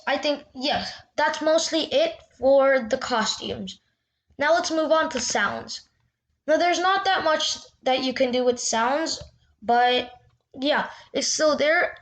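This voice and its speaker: A woman's voice: high-pitched, fairly bright tone. A woman hosting a casual screen-recorded tutorial, talking loosely with restarts and little fillers. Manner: chatty, loose, with restarts and "yeah". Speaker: tutorial host.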